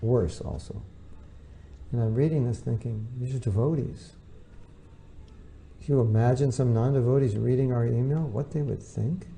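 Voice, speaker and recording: Gravelly, dark-voiced man lecturing. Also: mid-range voice, moderate pace, slight background noise. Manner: conversational, acts out quoted voices. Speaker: spiritual teacher. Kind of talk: informal lecture to devotees.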